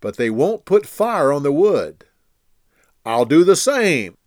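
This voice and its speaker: A man's voice: on the high side, big pitch swings, slow pace, a little mellow, no echo, clean studio sound, pitched above the performer's own voice. A man voicing a bold, commanding male prophet who proclaims in a raised voice.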